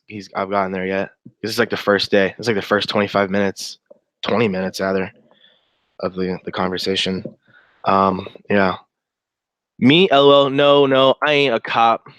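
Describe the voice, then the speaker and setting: A man's voice: lowish voice, fairly bright tone, no echo, rough recording. A man giving casual, sarcastic commentary while reading through a chat log aloud, with wry asides.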